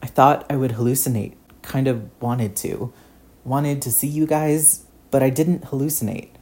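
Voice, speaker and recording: A man's voice: mid-range voice, steady tone, normal speed, a little mellow, pitched above the performer's own voice, lightly acted. A man voicing an earnest, shaken teenage boy hero who stammers and restarts his sentences.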